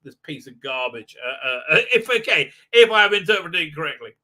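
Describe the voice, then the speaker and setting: A male host recapping a TV episode on a live stream in heated, indignant casual talk, full of halting restarts. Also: on the high side, expressive, bright, forceful tone. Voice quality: frequent filler sounds and restarts, heated, indignant. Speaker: show host.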